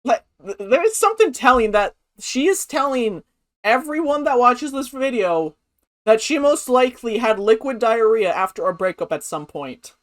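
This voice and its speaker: A woman's voice: a little high, lively intonation, normal speed. A woman rambling through a reaction commentary, giggling often and sounding incredulous. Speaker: commentary vlogger.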